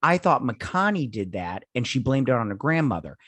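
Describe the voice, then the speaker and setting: A man's voice: medium pitch, big pitch swings, fairly quick, fairly bright tone, no room sound. A drunk man co-hosting a casual movie-review podcast, rambling and swearing as he trails off mid-thought. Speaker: podcast co-host.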